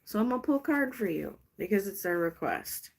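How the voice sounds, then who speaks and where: A woman's voice: medium pitch, sing-song, fairly quick, creaky, a little hiss or hum. A woman hosting a casual live stream, chatty and gushing as she pulls cards for a viewer. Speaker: live stream host doing card readings.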